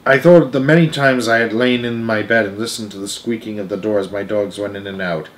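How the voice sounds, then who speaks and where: A man's voice: on the low side, steady tone, a little fast, poor audio. A man reading a chapter book aloud as storyteller, earnest and emotional, now and then restarting a phrase.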